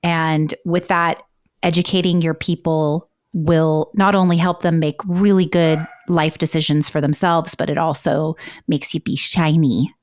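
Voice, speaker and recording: A woman's voice: low-pitched, level tone, unhurried. A middle-aged woman co-hosting a real estate podcast, bubbly and emphatic, with a playful edge. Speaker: podcast co-host. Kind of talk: casual chat.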